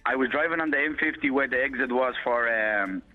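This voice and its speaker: A man on a tinny phone line tells a radio host his story in an earnest, run-on rush. His voice is mid-pitched and his delivery quick. Faint studio music sits behind the call. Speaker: caller.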